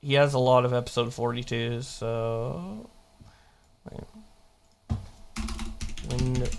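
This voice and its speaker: A man's voice: medium pitch, fairly bright tone, clean tone. A man giving casual live-stream commentary, rambling through chat logs and mocking the quotes as he reads them aloud. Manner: rambling, restarts while checking dates.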